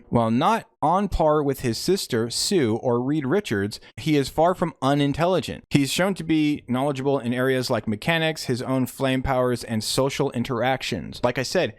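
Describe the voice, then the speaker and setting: A young man giving a profane, sarcastic comedic movie recap, slipping in quick mock voices for the characters. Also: medium pitch, no room sound, clean studio sound. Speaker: movie reviewer.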